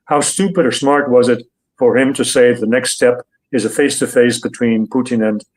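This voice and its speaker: An older male guest analyst with a mid-pitched voice lays out his views in an interview. He speaks deliberately, pausing often with fillers as he builds each point. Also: steady tone, rough recording. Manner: deliberate, hesitant, with many fillers.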